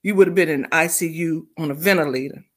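A middle-aged woman, co-hosting a casual family podcast and telling stories with lively voices. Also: low-pitched, fast. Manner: animated storyteller, acts out voices in anecdotes. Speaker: co-host.

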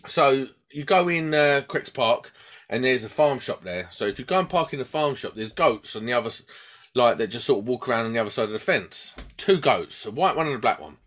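A man with a British accent and a mid-range voice talks fairly quickly in casual chat. He rambles animatedly through a long story, acting out the voices of the people in it.

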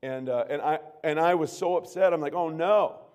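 A man preaching a sermon as pastor, earnest, moving from hushed tones to loud emphatic bursts. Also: a little high, a little fast. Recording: long reverb of a large room.

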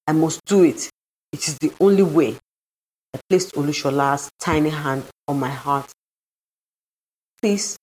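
Low-voiced woman narrating a dramatic story. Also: poor audio. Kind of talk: scripted first-person audiobook narration.

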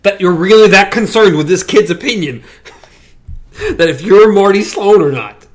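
A woman's voice: medium pitch, moderate pace. A woman chatting casually as she recaps an episode, acting out the characters' lines with big jumps in her voice. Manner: animated, acts out quotes with big voice jumps.

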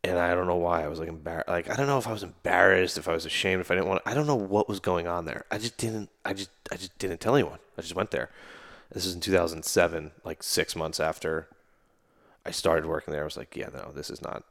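A man with a very low, deep voice, speaking as a guest and army veteran. He tells stories in a loose, rambling way, with plenty of fillers and false starts. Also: fast, a bit bright. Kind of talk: casual conversational storytelling.

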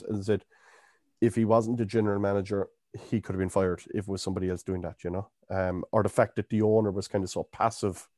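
Man, podcast host, low voice, dry close sound, rambling casual chat. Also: dark tone, no room sound. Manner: rambling, full of fillers and restarts. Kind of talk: casual film-review chat.

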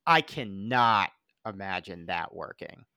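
A podcast co-host who talks in loose, joking riffs and restarts his sentences often. He is a man whose pitch rises and falls widely as he jokes. The sound is dry and close, with no room in it. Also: slow pace, no room sound. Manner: animated, jokey, trails off and restarts. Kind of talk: casual comedic chat.

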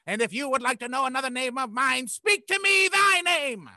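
A man's voice: very high-pitched, normal speed, bright, forceful tone, no room sound, clean studio sound, heavily acted. A man voicing a grandiose, pompous wizard who proclaims his titles in an archaic manner. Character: grandiose old male wizard, pompous and theatrical.

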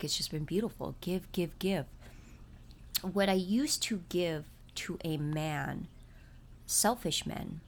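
A woman's voice: sits low, creaky, a little hiss or hum. A woman talking casually to her viewers, confiding about her family and her faith. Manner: chatty, confessional, talks about faith. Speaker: vlogger and mother. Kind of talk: casual confiding vlog chat.

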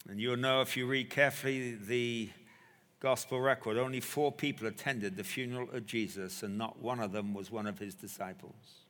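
A male preacher delivering a sermon, telling a story with dramatic pauses and emphasis. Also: mid-range voice, fairly even intonation, a bit bright. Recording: echoey hall.

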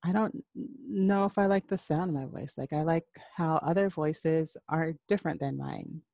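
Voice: mid-range voice, moderate pace, gravelly, mellow, dry recording. An adult voice teacher giving a casual, encouraging spoken lesson, rambling a little, with many fillers and restarts. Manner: encouraging, addresses the listener directly. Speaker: voice and singing teacher.

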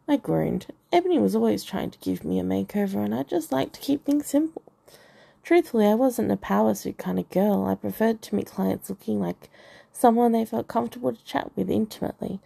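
A woman's voice: medium pitch, expressive, brisk, vocal fry, dark tone, breathy edge. A woman narrating a first-person novel aloud with wry, dry humour. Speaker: audiobook narrator.

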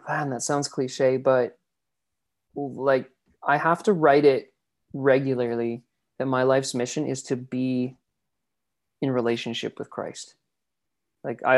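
Male guest, mid pitch, reflective and rambling with frequent fillers, casual interview. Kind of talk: casual interview about faith.

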